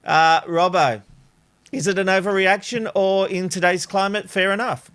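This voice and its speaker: A man's voice: sits high, steady tone, moderate pace, fairly bright tone, smooth. A man hosting a talk show, reading a news item and then pressing his co-hosts with pointed questions. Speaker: host. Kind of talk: news segment and panel debate.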